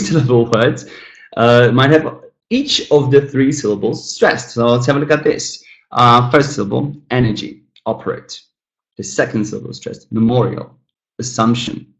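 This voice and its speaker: A male English teacher runs an online class in a casual, talkative style, his voice at an ordinary middle pitch. He frequently calls the students "guys" and pronounces example words slowly to show stress. The audio quality is poor.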